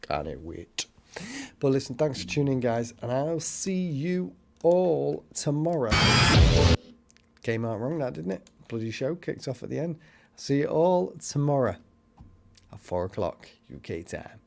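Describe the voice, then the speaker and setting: A man's voice: medium pitch, big pitch swings, moderate pace, vocal fry, very noisy. A man hosting a paranormal livestream, chatting casually and rambling as he reads cards and comments. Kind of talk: casual live-stream chat and card reading.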